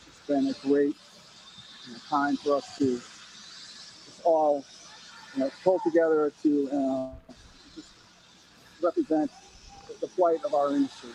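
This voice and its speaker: A man speaks haltingly over a remote live link, with a gravelly, mellow voice that rises and falls in wide swings. Faint background noise runs under him. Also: on the high side, animated, rough recording. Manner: halting, searching for words. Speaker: event worker on a remote feed. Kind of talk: describing a display on a live link.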